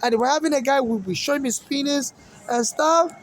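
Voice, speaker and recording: A man's voice: very high-pitched, fairly quick, poor audio. A man from Nigeria with an accent that mixes Nigerian and American English, rambling through a personal monologue and circling back to the same points again and again. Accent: mixed Nigerian and American English.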